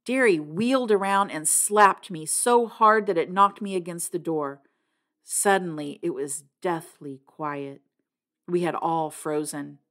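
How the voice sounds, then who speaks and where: A woman reading a novel aloud, narrating expressively in the first person. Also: deep voice. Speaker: reader.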